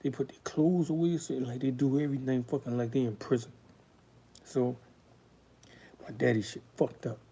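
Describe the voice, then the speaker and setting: A man with a very dark, mellow voice recounts his past. He talks bluntly and swears freely, and there is raw emotion under it. It sounds like a candid guest interview. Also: mid-range voice, steady tone, moderate pace, pauses often, slightly rough. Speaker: guest telling his life story. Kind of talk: candid storytelling.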